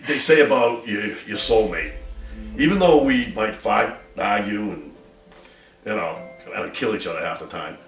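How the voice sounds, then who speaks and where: Animated middle-aged man telling a story. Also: on the low side, far from the mic. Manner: animated storyteller acting out quotes with laughs. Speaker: husband telling his love story. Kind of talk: casual storytelling interview. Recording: echoey room from afar with music.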